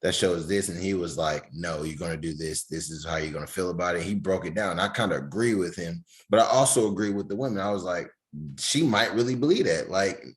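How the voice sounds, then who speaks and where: A man with a deep voice tells stories on a casual podcast, acting out what a friend said to him in easy quoted dialogue. His delivery is loose and chatty, with plenty of "she's like" and "I was like.". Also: quick pace, few pauses. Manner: storytelling, relays friends' words in quoted dialogue. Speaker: podcast co-host.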